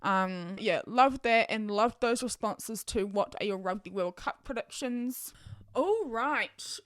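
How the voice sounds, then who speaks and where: A young woman hosts her own podcast, chatting excitedly and thinking aloud with lots of ums. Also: fairly high pitch, slow, no room sound, clean studio sound. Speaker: podcast host. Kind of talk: casual solo podcast chat.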